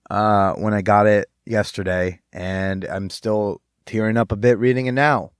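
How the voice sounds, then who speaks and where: A man's voice: on the low side, fairly even intonation, measured pace, smooth, no echo, studio quality. A man hosting a podcast, responding to a listener's letter in an earnest, heartfelt way with casual swearing. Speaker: podcast host. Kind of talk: reading listener mail and responding.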